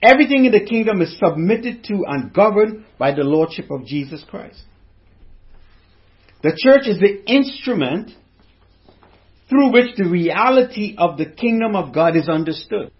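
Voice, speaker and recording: High-voiced man preaching a sermon. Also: animated, normal speed, lo-fi sound. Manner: preaching with rhetorical questions to the congregation. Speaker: pastor.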